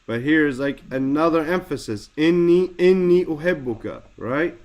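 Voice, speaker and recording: A man teaching a religious text lesson, explaining word by word and slowing down to stress key terms. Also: fairly high pitch, a little mellow.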